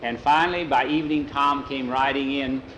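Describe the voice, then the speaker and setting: A man's voice: medium pitch, fairly even intonation, normal speed, a bit bright, a little hiss or hum, rough recording. A man telling a folksy western story aloud, filling it with "he says" and "he said".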